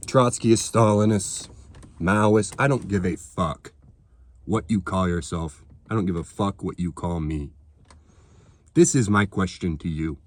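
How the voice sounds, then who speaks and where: A political vlogger rants to camera in a low, unhurried male voice, with no echo. He's heated and sarcastic, swearing freely as he addresses his viewers.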